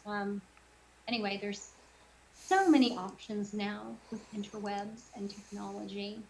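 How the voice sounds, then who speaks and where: A woman's voice: medium pitch, steady tone, measured pace, darkish tone, a little hiss or hum, low-quality recording. A middle-aged woman voice actor chatting casually in an interview over a video call, with lots of fillers. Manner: chatty, many fillers and self-quotes. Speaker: voice actor guest.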